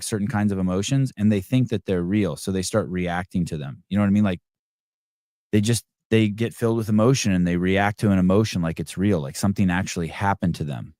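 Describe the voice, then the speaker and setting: Guy rambling on his podcast, swears a lot, lowish voice, dry sound. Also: warm tone, no echo. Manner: crude, rambling, profane; many restarts and fillers. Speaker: podcast host. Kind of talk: casual podcast chat.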